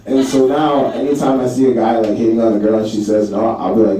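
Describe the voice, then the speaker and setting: A man's voice: lowish voice, flat delivery, fast talker, mellow, far from the mic. A young man, a comedian guest, telling funny stories, acting out voices and swearing freely, often laughing. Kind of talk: animated storytelling. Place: live show venue. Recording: roomy live room with chattering crowd from afar.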